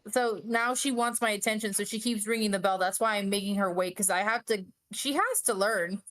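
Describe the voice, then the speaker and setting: A woman casually recounting a tabletop game session with animated, expressive delivery, swearing freely and laughing often. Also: mid-range voice, brisk. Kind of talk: casual storytelling on a stream.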